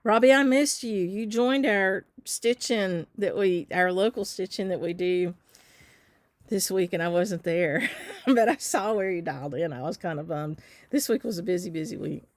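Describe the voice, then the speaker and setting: Chatty Southern woman, lowish voice. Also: moderate pace, dry recording. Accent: Southern American. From Southern United States. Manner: chatty, reads out viewer comments, many ums. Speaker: shop owner hosting a live stitch. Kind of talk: casual live-stream chat.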